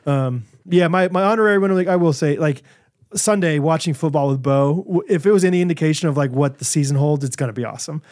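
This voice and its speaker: A man in his thirties co-hosting a podcast, chatting casually and telling animated stories with quick asides. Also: fairly high pitch, no echo, clean studio sound. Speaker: podcast co-host. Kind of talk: casual chat.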